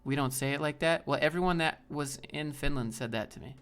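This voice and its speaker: A man's voice: a little high, a bit bright, smooth, faint music behind. Rambling man chatting on a livestream. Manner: rambling, loose, quick asides to chat. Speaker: livestream host. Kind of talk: casual live stream chat, reading chat.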